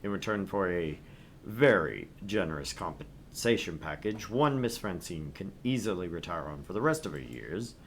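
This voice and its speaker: A man reading a courteous, scheming wealthy arcade tycoon in a slow, measured and polished way. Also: deep voice, very animated, a little hiss or hum. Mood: smooth.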